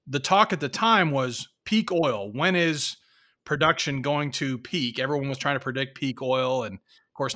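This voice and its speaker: Bright-voiced male co-host. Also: mid-range voice. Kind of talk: casual interview questions.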